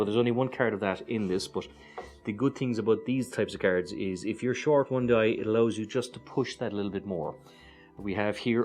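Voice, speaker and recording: An Irish man casually walking through a board game's cards one by one, relaxed and hesitant, with many fillers and chatty asides. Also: lowish voice. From Ireland. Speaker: board game reviewer. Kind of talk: casual card-by-card walkthrough.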